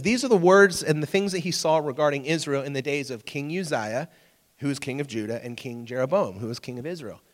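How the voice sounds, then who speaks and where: A pastor teaches in a relaxed, joking way, tossing questions out to the crowd. His voice sits a bit high for a man, and it rings with the long reverb of a large hall. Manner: conversational, asks the audience questions, joking. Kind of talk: casual teaching sermon.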